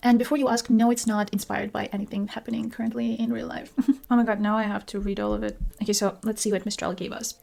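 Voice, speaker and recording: A woman vlogger reviewing tech products in a casual, chatty way, self-deprecating and quick to laugh. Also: medium pitch, level tone, vocal fry, a little mellow.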